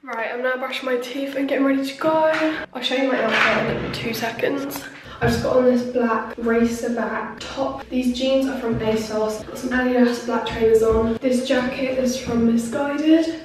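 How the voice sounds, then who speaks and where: A woman's voice: a little high, steady tone, normal speed, very noisy. An eighteen-year-old British woman chatting casually to a handheld camera in a vlog, rambling with lots of "like" and "so yeah". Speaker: student vlogger.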